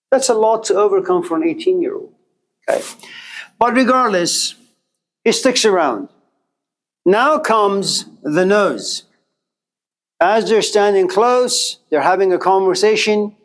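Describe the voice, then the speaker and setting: Higher-voiced male lecturer, deliberate. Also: poor audio. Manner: deliberate, asks rhetorical questions and answers them. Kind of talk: classroom lecture.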